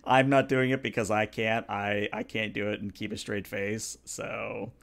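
A man narrating as game master of a tabletop game, explaining rules in a relaxed, filler-heavy way. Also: on the low side, a little slow, creaky.

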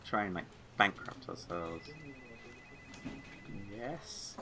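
A man gives offhand let's play commentary in a bright, forceful voice, pitched in an ordinary middle register. He talks casually and rambles, drifting from the game into side topics before pulling himself back. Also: normal speed. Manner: rambling, chatty, easily sidetracked; sings along to music. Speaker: gaming video creator.

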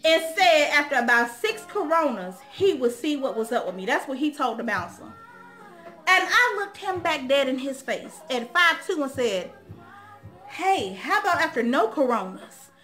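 A woman's voice: high voice, big pitch swings, moderate pace, pushed and bright, faint music behind. A young woman hosting her own channel, talking straight to the viewers in a casual, outspoken chat and telling stories with a lot of animation. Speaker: vlog host.

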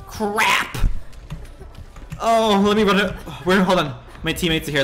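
A male game streamer talking at a slow pace in a fairly high, bright voice. He is excitable and swears often, reacting loudly to the game and answering his chat. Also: soft background music. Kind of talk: live gaming stream chat.

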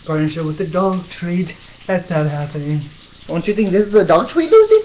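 A man's voice: high-pitched, very animated, normal speed, a little hiss or hum. A young man chatting casually through a cooking vlog in his apartment kitchen, self-mocking, swearing and yelping, recorded on a lo-fi camera mic. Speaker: cooking vlogger. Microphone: built-in camera mic. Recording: roomy, dull lo-fi camera sound.

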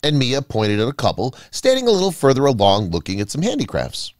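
Man, scripted story narration, dramatic, wide-ranging pitch, dry close sound. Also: wildly swooping pitch, brisk, no echo.

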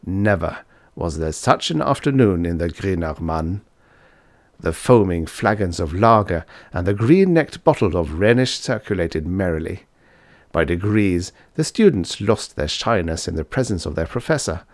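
Expressive male audiobook narrator. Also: low voice, normal speed, dry recording. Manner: expressive storytelling. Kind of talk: scripted narration.

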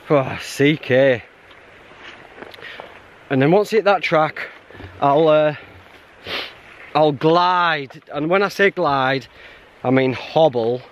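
Guy filming himself on a mountain trail, bit high voice, jokey, laughs a lot. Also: slight background noise. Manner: chatty, self-mocking, laughs often. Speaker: hiking vlogger. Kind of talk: casual vlog narration while hiking. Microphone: handheld camera.

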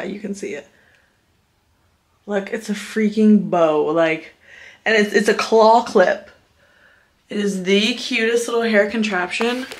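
A woman's voice: medium pitch, a little hiss or hum. A woman beauty vlogger chatting casually at home, gushing over products and filling her talk with "like" and "you guys". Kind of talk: casual haul vlog chat. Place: her apartment.

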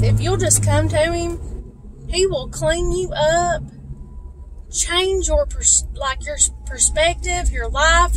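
A woman's voice: high voice, rough recording. A woman giving an earnest, fervent spoken testimony about faith, with lots of fillers. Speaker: vlogger sharing faith. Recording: clear traffic and vehicle noise outside.

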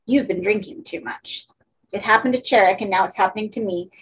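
A woman's voice: mid-range voice, a little fast, slight background noise, natural voice, poor audio. A woman voicing a desperate, pleading German man. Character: terrified, pleading German man wasting away.

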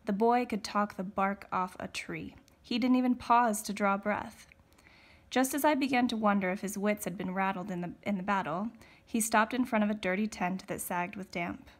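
A woman teacher reading a novel aloud, steady with occasional slips and self-corrections. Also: medium pitch, moderate pace.

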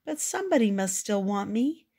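An older woman voicing a hopeful young male valentine card, raising her voice high and earnest for him in a storybook. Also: big pitch swings, normal speed, mellow, breathy edge. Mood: forlorn.

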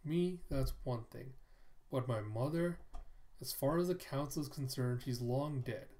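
A man voicing a defiant, sharp-tongued young witch who speaks mockingly in a comic read-aloud. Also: medium pitch, a little slow, lightly acted. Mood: scornful.

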